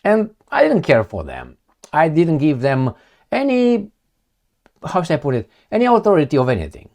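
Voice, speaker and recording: A man's voice: on the high side, wildly swooping pitch, moderate pace, darkish tone. A man giving blunt, sarcastic political commentary with some swearing, talking straight to the viewer. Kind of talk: opinionated commentary monologue.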